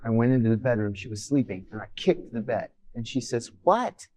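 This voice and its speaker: A man's voice: mid-range voice, fast talker. A middle-aged man, a former intelligence officer, telling a personal story casually in a podcast interview and acting out the voices of others. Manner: animated anecdote, voices others in quotes.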